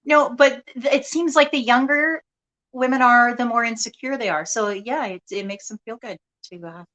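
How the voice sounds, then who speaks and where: A woman's voice: a little high, normal speed, a bit bright, lo-fi sound. A woman co-host answering frankly and easily in casual chat.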